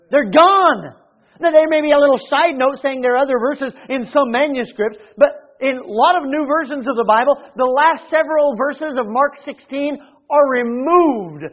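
A man preaching a sermon, shifting between loud emphatic lines and hushed low asides. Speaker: pastor. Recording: tinny phone-like sermon recording.

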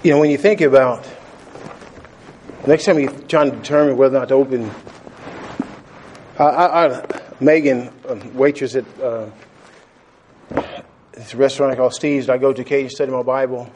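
A man preaching a sermon, animated, laughing often and repeating phrases for emphasis. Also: mid-range voice, moderate pace, pauses often, slight background noise.

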